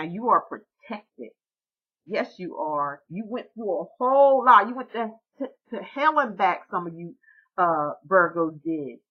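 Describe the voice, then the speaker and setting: A woman doing a tarot reading for her viewers, talking in an excited, encouraging way and repeating herself often. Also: lowish voice, lo-fi sound. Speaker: tarot reader.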